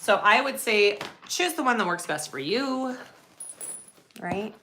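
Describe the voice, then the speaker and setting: A woman's voice: mid-range voice, lively intonation, a little slow, pushed and bright, slight background noise. A woman hosting a live sewing tutorial, chatting casually and greeting viewers as she works. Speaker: sewing livestream host.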